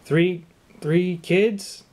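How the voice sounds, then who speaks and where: A young man with a slightly high voice improvises one half of a phone call as a shoemaker talking to an upset customer. He fires off disbelieving questions in a deadpan, mock-supportive way. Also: drawn-out words.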